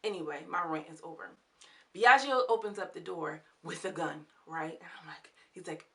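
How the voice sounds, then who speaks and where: Lively woman recapping a TV episode. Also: on the low side, measured pace. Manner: animated, chatty, exclamatory slang. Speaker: TV show reviewer. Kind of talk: casual recap and commentary.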